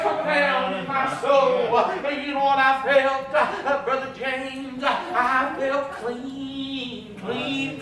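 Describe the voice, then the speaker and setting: A man preaching a sermon in a church, fervent and full of "uh" fillers, at times sliding into a half-sung chant. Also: very high voice. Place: church sanctuary. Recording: very echoey church, mic far off.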